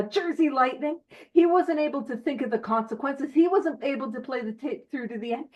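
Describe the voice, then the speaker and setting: A woman's voice: high voice, lo-fi sound. A woman co-leading a recovery book study, explaining a passage in an emphatic, earnest teaching tone. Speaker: study group co-leader.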